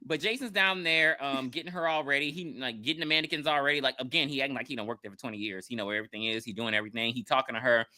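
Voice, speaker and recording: A woman's voice: rumbling low, racing, hardly any pauses, bright, forceful tone. A woman co-hosting a podcast, recapping a movie in casual chat with wry asides and laughs. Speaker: podcast co-host.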